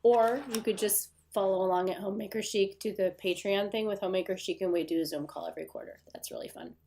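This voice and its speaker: Hosting a livestream from her home desk, this woman talks fast in a mellow, medium-pitched voice with fairly even intonation. Her Midwestern American accent comes through nasal and congested because of a stuffy, runny nose, and she chats with viewers in a rambling way, full of fillers.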